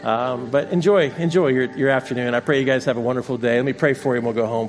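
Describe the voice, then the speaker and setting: A man's voice: mid-range voice, fast, few pauses, soft background music. A middle-aged man preaching as pastor, telling a family story in a chatty, self-mocking way before closing in prayer. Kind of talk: sermon with personal story.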